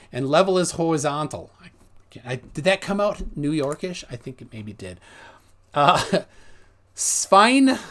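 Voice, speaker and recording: Lively-voiced male livestream host. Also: fairly high pitch. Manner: loose and rambling, reads viewer comments aloud. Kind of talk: casual livestream chat.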